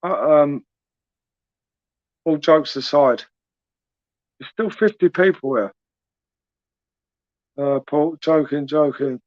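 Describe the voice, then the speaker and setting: A young man with a southern English accent runs a casual late-night live chat, teasing and joking with commenters in a loose, rambling way. His voice sits slightly high. The recording is dry and close but dull and lo-fi. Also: takes it slowly, pauses often, no room sound. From England. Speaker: livestream host.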